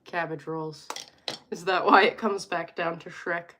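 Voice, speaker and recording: A vlogger in her thirties from Alberta, Canada, talks casually and playfully to her viewers, rambling and cutting herself off. Her voice is lowish and bright with a forceful tone, her intonation fairly even and her pace a little slow. There's slight background noise.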